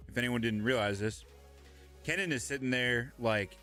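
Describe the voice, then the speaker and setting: Young male co-host, bright forceful tone, laid-back rambling chat. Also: medium pitch, normal speed, faint music behind. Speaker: podcast co-host. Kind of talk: casual chat.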